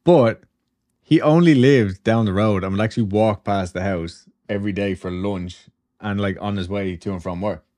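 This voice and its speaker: Low-voiced man telling a story casually. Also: normal speed, mellow. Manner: chatty and loose, with swearing and filler asides. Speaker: podcast host.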